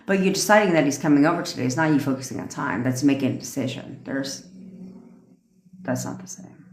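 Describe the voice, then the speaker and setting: A woman with a low voice rants on her livestream, blunt and full of swearing, tossing off quick laughing asides. The sound has an echoey room around it, like a phone recording in a bare space. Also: a little hiss or hum. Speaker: manifestation coach. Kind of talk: casual livestream rant.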